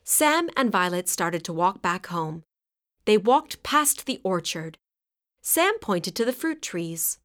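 A woman reading a picture book aloud to children in a gentle, clearly paced way. She speaks slowly, and her pitch rises and falls expressively. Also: big pitch swings. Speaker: storyteller. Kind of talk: children's story read-aloud.

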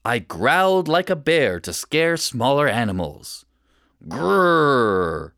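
Very animated children's story reader. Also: mid-range voice, measured pace, no echo, studio quality. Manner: expressive first-person narration. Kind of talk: reading a children's story aloud.

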